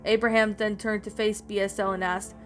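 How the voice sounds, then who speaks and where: A woman's voice: medium pitch, level tone, fairly quick. A woman narrating a creepypasta-style story, reading aloud with frequent stumbles and restarts. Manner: reads with frequent slips and restarts. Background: faint background music.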